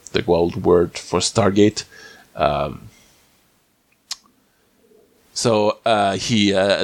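Lowish-voiced man with a cold. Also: vocal fry, no room sound. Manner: rambling, halting, many restarts. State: slightly sick with a cold. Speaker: podcast host. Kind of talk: casual episode recap.

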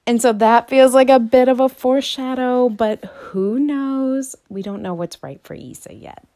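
A woman vlogger chatting casually and meandering, her voice jumping higher and louder when she gets excited. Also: measured pace, dry recording, studio quality. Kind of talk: casual chat.

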